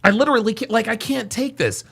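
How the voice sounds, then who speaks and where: A man hosting a live reaction stream, reading viewer super chats and reacting with excitable, incredulous commentary. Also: high-pitched, fast talker, vocal fry, husky. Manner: animated, voice rising often, excitable.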